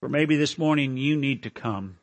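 A male preacher delivering a dramatic sermon at a church service, with emotional, pleading lines that climb high. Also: moderate pace. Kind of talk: dramatic sermon with recited poem.

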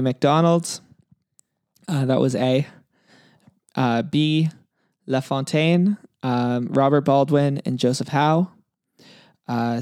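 A man with an average-pitched voice reads out quiz questions and their options in a steady, relaxed way. He then chats loosely about them. The sound is dry and close, with no room echo. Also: smooth. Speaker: quiz reader, co-host. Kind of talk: casual chat, reading quiz questions.

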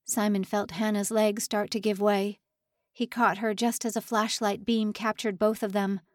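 A woman's voice: medium pitch, little pitch movement, normal speed, no room sound, clean studio sound. A woman narrating a suspense novel audiobook in a dramatic, tension-building read. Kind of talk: scripted narration.

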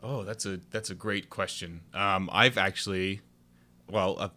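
A man's voice: low voice, steady tone, a little slow, pushed and bright. A man appearing as a guest on a film podcast, talking in a hesitant, rambling way with lots of ums. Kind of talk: casual podcast chat.

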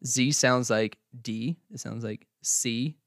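A man who grew up in Oklahoma, chatting easily on a podcast. His voice sits at an ordinary middle pitch. The sound is dry and close, with no room around it. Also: takes it slowly, creaky, no echo. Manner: relaxed, chatty, laughs often. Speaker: podcast co-host. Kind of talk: casual chat.

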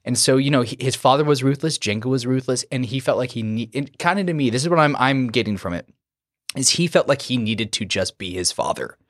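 A man's voice: mid-range voice, lively intonation, a little fast, no room sound, clean studio sound. A man co-hosting a podcast in casual chat, eagerly explaining details and trivia. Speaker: podcast co-host.

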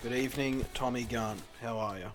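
An Australian man chatting casually on a podcast, his voice sitting at an ordinary pitch. He rambles and swears easily, getting loud when something riles him. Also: steady tone, brisk, soft background music. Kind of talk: casual chat.

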